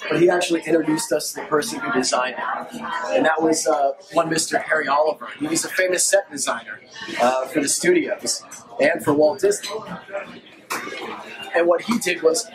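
A man's voice: fairly high pitch, a crowd in the background, poor audio. Man with a raised voice giving a tour. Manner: friendly guide, pauses with fillers. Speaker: restaurant tour guide. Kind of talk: walking tour presentation.

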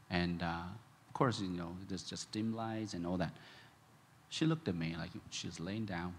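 A man preaching a sermon as a pastor, telling a personal story with laughter, swinging from loud shouts to hushed, quiet moments. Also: low-pitched, a little slow, long reverb tail, slight background noise. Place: large church hall.

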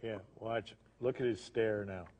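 An actor playing a grumpy hoser brother in an improvised sketch, often dropping into low, mumbled mutters. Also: male voice, steady tone, unhurried, darkish tone. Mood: sarcastic. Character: grumpy Canadian hoser brother, mocks his sibling. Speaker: sketch comedy co-host. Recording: echoey room with long reverb.

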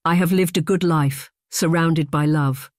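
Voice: mid-range voice, steady tone, measured pace, no room sound, studio quality, natural voice. A narrator voicing a sheltered young English noblewoman, prim and defiant with a trembling edge, in an audiobook. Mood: shaken. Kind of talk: audiobook character voice.

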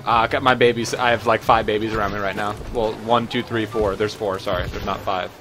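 Deadpan trolling young man on a headset. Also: lowish voice, brisk, over music. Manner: deadpan trolling, lots of "dude" and swearing. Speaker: gaming channel host trolling players. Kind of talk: casual gameplay commentary with prank banter.

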